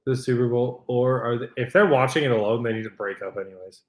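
A man's voice: medium pitch, quick pace, echoey room. A man co-hosting a podcast in casual chat, swearing freely and telling stories animatedly. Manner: profane, animated storytelling. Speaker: podcast co-host.

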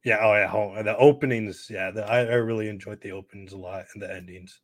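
A man's voice: on the low side, steady tone, fast, dry recording. A man co-hosting a casual podcast, eager and swearing casually. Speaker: podcast co-host.

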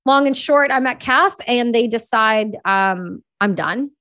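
A woman from Canada in her thirties, a podcast guest telling stories candidly and casually, swearing freely and talking quickly. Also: on the high side, a bit bright. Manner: candid, profane, quick-talking, voices quoted people. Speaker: podcast guest, army veteran. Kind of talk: casual storytelling.

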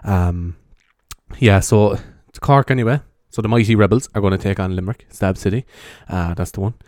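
A man's voice: on the low side, normal speed, dry recording, studio quality. An Irish man rambling casually in a half-whispered ASMR style, talking into a handheld mic as he wanders around his bedroom. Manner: meandering, chatty, swears freely, soft hushed delivery. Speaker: podcaster. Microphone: handheld microphone carried around the room.

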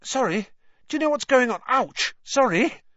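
A man's voice: extremely high pitch, animated, normal speed, a bit bright, no echo, pitched above the performer's own voice. A man voicing a clumsy, flustered young teenage boy, in a dull, dry lo-fi recording. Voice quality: flustered, apologetic.

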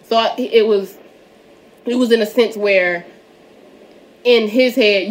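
A woman's voice: mid-range voice, a little slow, pauses often, a little hiss or hum. Candid, laughing woman host. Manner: candid, swearing, laughs often. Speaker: podcast host. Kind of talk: casual chat.

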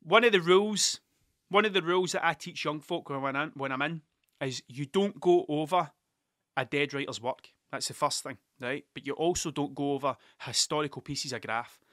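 A Scottish man rambles through a casual, sweary podcast monologue in an animated way. His voice sits a bit high and bright, with a sharp edge. The sound is close and dry, with no room around it. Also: moderate pace, no echo. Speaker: podcast host.

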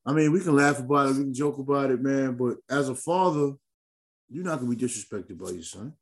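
A man hosting a podcast in casual chat, talking in an animated, slangy, emphatic way. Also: mid-range voice, fairly quick. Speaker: podcast host.

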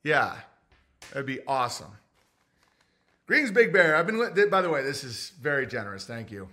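A man's voice: mid-range voice, big pitch swings, fairly quick, bright, forceful tone. A man hosting a podcast in a rambling, crude, joking chat, who also reads listener messages aloud. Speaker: podcast host. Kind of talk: casual comedic rant.

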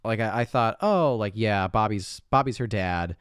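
A man's voice: fairly low pitch, moderate pace, a bit bright, smooth, no room sound, clean studio sound. A man co-hosting a podcast, casually chatting about a movie, laughing often and filling with "like.". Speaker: podcast co-host.

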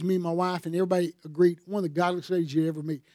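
A man's voice: sits high, flat delivery, racing, warm tone, dry recording, clean studio sound. A man preaching a sermon as pastor, telling stories in a folksy way and building to fervent emphasis.

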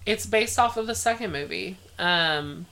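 A woman's voice: medium pitch, expressive, unhurried, a bit bright. A young adult woman co-hosting a casual podcast, retelling a haunting story in a chatty, joking way and swearing now and then.

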